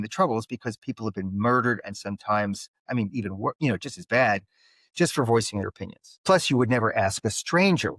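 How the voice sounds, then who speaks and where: A man's voice: lowish voice, fairly bright tone, dry recording. Nasal older man, Philadelphia accent. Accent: Philadelphia and South Jersey. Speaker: guest, conflict mediator. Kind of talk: storytelling in a podcast interview.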